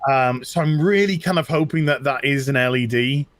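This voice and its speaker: A man co-hosting a casual chat who talks haltingly, repeating himself with lots of fillers. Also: mid-range voice, fairly bright tone, dry recording. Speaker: co-host. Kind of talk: casual chat reviewing collectible figures.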